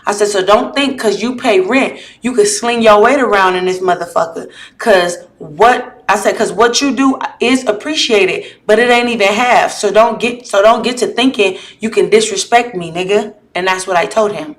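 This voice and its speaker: A woman's voice: mid-range voice, moderate pace. Blunt, heated woman talking to viewers. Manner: blunt, heated retelling with frequent profanity; reads messages aloud and asks viewers for judgment. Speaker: vlogger. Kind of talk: casual chat to viewers. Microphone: camera or phone mic while live.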